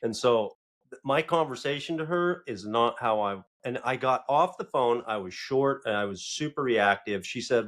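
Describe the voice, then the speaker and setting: A middle-aged man hosting a podcast, telling a story in a halting way, with restarts, repeated words and self-criticism. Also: medium pitch, animated, a bit bright. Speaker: podcast host. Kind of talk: casual conversation.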